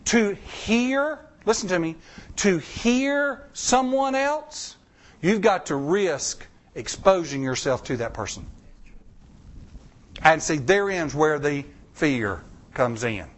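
A man's voice: very animated, slow. A male pastor preaching a sermon in a folksy, conversational way. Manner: folksy, conversational preaching with wide pitch swings.

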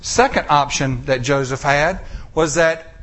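An American man preaching a sermon, retelling a scripture story with drawn-out pauses and acted-out character lines. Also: a little high. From United States. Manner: storytelling, acting out characters' lines in lively voices.

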